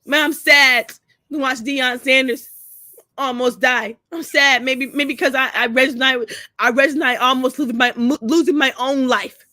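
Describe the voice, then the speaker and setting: A woman's voice: high-pitched, fairly even intonation, normal speed, sharp tone, no echo, studio quality. A crying woman pouring out a profane, repetitive rant to her camera, speaking. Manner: tearful, repeating herself, profane. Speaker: vlogger. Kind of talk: emotional personal rant to camera.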